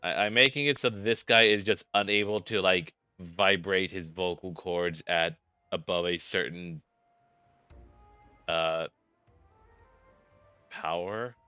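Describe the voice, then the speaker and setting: A man's voice: deep voice, fairly even intonation, slow, pauses often, sharp tone, clean tone, dry recording, dull audio, faint music behind. A man hosting a game let's play, talking casually in a rambling, stumbling, self-questioning way.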